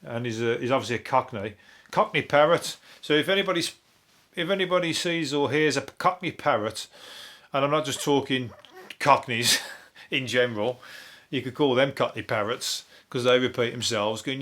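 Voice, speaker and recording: The host of a comic news review podcast, a comedian from England with a Birmingham accent, talks at normal speed in a mid-range, fairly bright voice. Constant swearing runs through his rambling stories, and he laughs at his own jokes.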